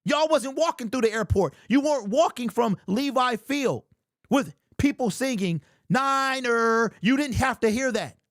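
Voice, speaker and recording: A high-pitched man hosts a fan sports talk stream and reads chat aloud, ranting in an animated and exasperated way. His voice is quite high for a man, and the sound is close and dry, with no room echo. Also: normal speed. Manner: animated, exasperated ranting, keeps saying "bro".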